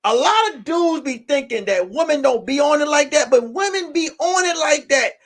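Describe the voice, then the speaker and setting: A man hosting as a comedian, ranting in a casual, profane, animated way and circling back to repeat his points. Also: very high voice, normal speed. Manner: animated, profane, repetitive storytelling. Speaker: comedian host. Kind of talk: casual live-stream rant.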